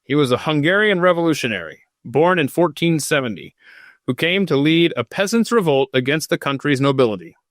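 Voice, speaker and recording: A man's voice: fairly high pitch, lively intonation, brisk, dry recording, clean studio sound. A man hosting a podcast in an unscripted, casual way, drifting off topic into self-mocking asides while reading out history. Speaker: podcast host.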